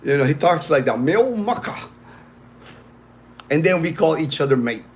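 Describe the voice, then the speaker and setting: A man's voice: fairly high pitch, quick pace, a little hiss or hum. A man hosting a casual livestream, rambling with many fillers and restarts as he greets viewers by name. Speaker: livestream host.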